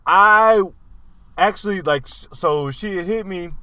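A man's voice: sits high, unhurried, bright, forceful tone. A man in his thirties telling stories in loose, profane podcast chat, laughing as he goes. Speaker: podcast co-host. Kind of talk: casual chat.

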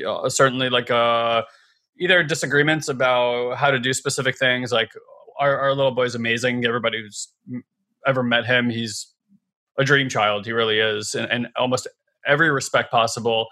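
A man in casual chat, relaxed and reflective, speaking with fillers. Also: mid-range voice, brisk.

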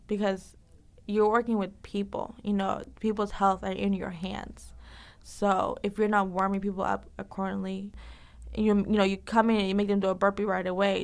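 A woman fitness instructor answering interview questions in a lively, casual way, laughing often and using lots of fillers. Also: mid-range voice, gravelly.

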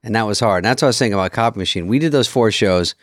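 A man co-hosting a podcast, trading quick wisecracks in casual banter. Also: lowish voice, dry recording, studio quality. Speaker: podcast co-host.

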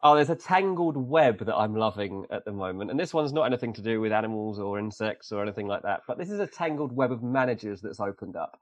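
A man in his thirties co-hosting a football podcast, animated and joking in casual chat. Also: on the low side, fast, hardly any pauses, dry recording. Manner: animated storyteller, joking asides. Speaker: podcast co-host.

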